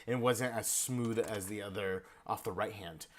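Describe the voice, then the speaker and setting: A man's voice: fairly low pitch, moderate pace. A man giving casual feedback in an online percussion lesson, now and then singing the rhythms on syllables. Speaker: percussion instructor.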